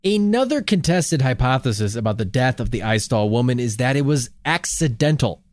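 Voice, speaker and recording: A man's voice: mid-range voice, animated, normal speed, no room sound, clean studio sound. A man co-hosting a casual podcast in a laid-back bantering way, with plenty of fillers. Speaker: podcast co-host. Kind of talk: casual joking podcast chat.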